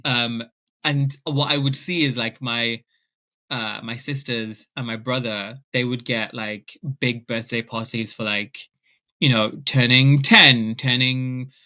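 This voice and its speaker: A man, an author being interviewed, telling personal stories in a lively, animated way. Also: mid-range voice, slow pace. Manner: animated, acts out family members' voices. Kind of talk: casual storytelling in an interview.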